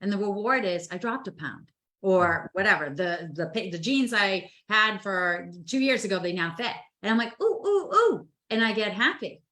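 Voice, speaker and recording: A woman with a bright, forward tone chats casually on a live stream. She tells animated stories and acts out her own inner voice along the way. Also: mid-range voice, normal speed. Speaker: co-host. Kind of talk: casual chat. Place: home, over a live stream.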